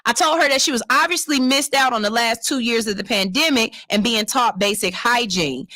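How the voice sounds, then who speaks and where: A fairly high-pitched woman talks at a moderate pace, with no echo, into a studio microphone as a radio host in her studio. She's blunt, profane and animated while reading a listener's letter aloud, slipping into loud mocking voices for her stories.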